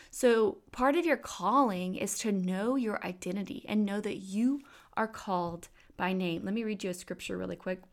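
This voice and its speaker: Woman in her thirties, faith podcast host, candid storytelling, mid pitch. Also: normal speed. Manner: warm, candid storytelling with fillers. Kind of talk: faith-based podcast talk. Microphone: podcast microphone.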